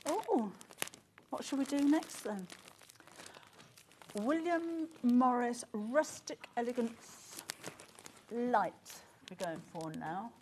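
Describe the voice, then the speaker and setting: Chatty lady on a shopping channel, bit high, gasps and giggles a lot. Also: slow pace, long pauses, slight background noise. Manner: excitable, chatty, frequent gasps and laughter. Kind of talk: live sales presentation. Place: TV studio.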